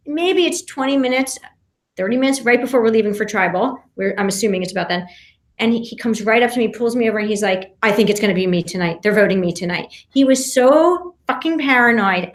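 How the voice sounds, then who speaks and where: A woman guest on a podcast, telling a story in an animated way, with many restarts and acted-out quotes. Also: sits high, echoey room. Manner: talks fast with many restarts and fillers, acts out quotes. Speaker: podcast guest, reality show contestant.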